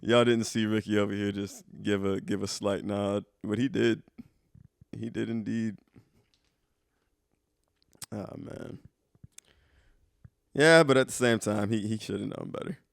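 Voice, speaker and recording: A man's voice: on the low side, steady tone, unhurried, creaky, pauses often, no echo, studio quality. A man co-hosting a podcast in casual chat, teasing and profane, giving blunt advice and laughing often. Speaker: podcast co-host.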